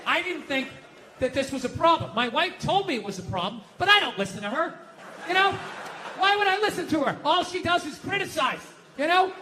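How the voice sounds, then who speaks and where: A middle-aged man doing a stand-up routine, with loud, profane ranting and sudden shouts. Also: very high voice, a little hiss or hum. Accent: Boston. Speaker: stand-up comedian. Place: live comedy venue with audience laughter.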